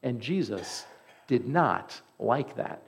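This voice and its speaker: A man's voice: mid-range voice, big pitch swings, slow pace, vocal fry. A man preaching a sermon as pastor, earnest and conversational, with emphatic repeats.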